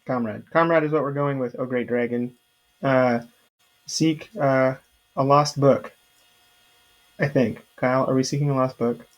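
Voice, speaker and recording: A man playing a tabletop game casually, speaking haltingly with many fillers. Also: medium pitch, fairly even intonation, low-quality recording. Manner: halting, hesitant, full of fillers. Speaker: player. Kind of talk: casual tabletop role-play.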